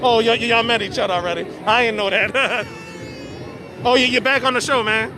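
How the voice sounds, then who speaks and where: Stammering high-voiced man hosting a live stream. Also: fairly quick, background noise. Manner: stammering, repeats words, chatty. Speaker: host of a live stream show. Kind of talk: casual live-stream commentary. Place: outdoor birthday party. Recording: phone recording outdoors, party music and crowd. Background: music and children at a party.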